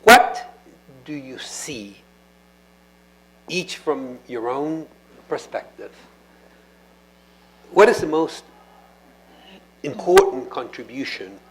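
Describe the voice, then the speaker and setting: A man moderates a university panel at an ordinary mid-range pitch. He talks in a reflective, measured way and leans on hesitant fillers while he builds up a question for the panelists. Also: slight background noise, rough recording.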